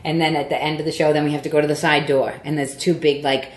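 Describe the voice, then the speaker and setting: A woman comedian telling a story in casual podcast chat, animated and profane, acting out the voices she quotes. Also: sits low, fast, reverberant.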